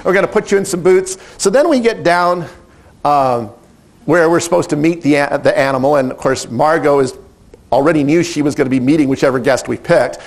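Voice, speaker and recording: A middle-aged man who directs animal training, telling a story in a lively, animated way and acting out the quotes. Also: on the high side, fairly quick. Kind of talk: storytelling talk.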